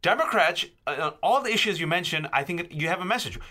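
A man guest-hosting a political podcast, arguing combatively with rapid rhetorical questions and emphatic repetition. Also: sits high, animated, bright, forceful tone. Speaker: guest host, political columnist. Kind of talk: heated political podcast discussion.

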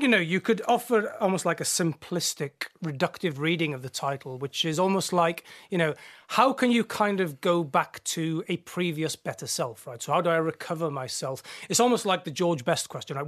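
A man's voice: on the high side, a bit bright. A man, a professor and podcast guest, questioning in a thoughtful, analytical way. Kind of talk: conversational interview.

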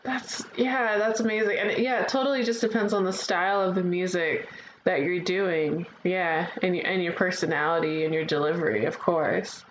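A woman's voice: lowish voice, fairly even intonation, normal speed, muffled recording, a little hiss or hum. A woman hosting a podcast, chatting casually and enthusiastically with a guest and laughing often. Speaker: podcast host. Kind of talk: casual interview chat.

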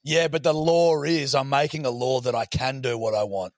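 A man's voice: mid-range voice, fairly even intonation, normal speed, no room sound. A man, co-hosting a podcast with sweary, laughing banter. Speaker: podcast co-host. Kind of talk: crude casual banter.

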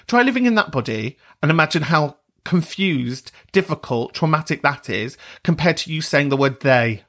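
A British man hosting a podcast, talking in a sweary, animated rant with laughter between points. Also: on the high side, normal speed, hardly any pauses. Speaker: podcast host. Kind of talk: casual monologue.

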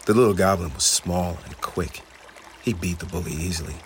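A man reading a children's storybook aloud in an expressive, steady way. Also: low voice, normal speed, a little hiss or hum.

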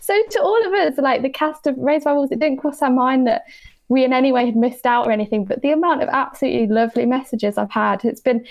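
A woman actor chatting as a podcast guest, telling stories in a self-deprecating, animated way. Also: high-pitched, fast, no room sound. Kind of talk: casual chat, storytelling.

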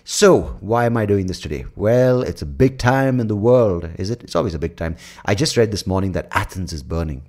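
A man's voice: low voice, expressive, a little fast, hardly any pauses, a little mellow. A man with an Indian accent hosting a podcast, rambling, crude, and self-mocking in a comic monologue. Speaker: podcast host.

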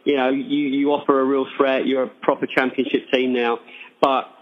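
A man's voice: medium pitch, little pitch movement, narrow, tinny audio. A man co-hosting a podcast, joking around in casual banter and repeating words as he talks. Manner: jokey, fast, repeats words. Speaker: podcast co-host.

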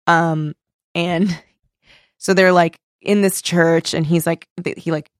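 A young woman with a slightly low voice, chatting casually and retelling a story with gusto. She slips into the voices of the people she describes and laughs as she goes. The sound is dry and close. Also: slow, no room sound. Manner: animated storytelling, acts out quoted people, laughs often, swears. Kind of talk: casual chat.

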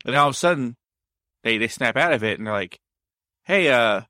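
A man's voice: mid-range voice, expressive, fast talker, bright, forceful tone, no echo, studio quality. A man telling a story in casual conversation, meandering and often backtracking to explain himself.

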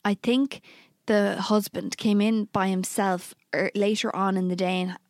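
A young woman co-hosting a podcast, telling stories in lively casual chat and swearing freely. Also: medium pitch, unhurried, no echo, studio quality. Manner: animated storytelling, swears freely. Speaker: podcast co-host.

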